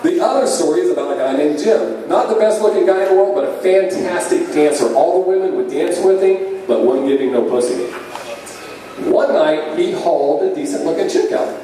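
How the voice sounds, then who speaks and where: A man's voice: high-pitched, a little fast. Profane stand-up comic man in echoey club. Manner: profane, storytelling with deadpan punchlines. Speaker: stand-up comedian. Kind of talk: stand-up comedy set. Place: comedy club stage. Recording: echoey club sound from far off, faint noise.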